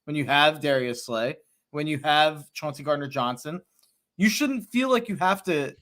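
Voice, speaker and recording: Slightly high-voiced rambling podcast man. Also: normal speed, fairly bright tone. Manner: rambling, many restarts and hedges. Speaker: podcast co-host. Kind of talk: casual sports talk.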